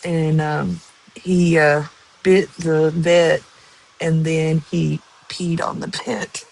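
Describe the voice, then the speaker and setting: A woman's voice: low voice, fairly even intonation, vocal fry, a little mellow, slight background noise, poor audio. A woman chatting casually and rambling to viewers on a live stream. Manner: slow, rambling, with many ums and likes.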